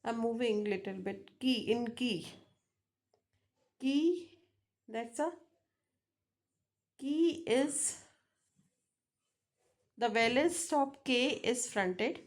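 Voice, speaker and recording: A woman teaches a phonetics lesson, speaking very slowly. She breaks off often and repeats each example word several times. Her voice sits a little higher than most. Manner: slow, halting, repeats example words many times. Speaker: English teacher.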